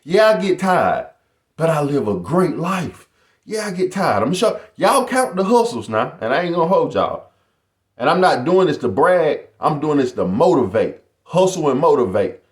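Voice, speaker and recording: A man's voice: a little high, big pitch swings, moderate pace, reverberant. A middle-aged man talking casually to his viewers in a boastful, motivational vlog style. He keeps calling them "y'all.". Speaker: YouTuber.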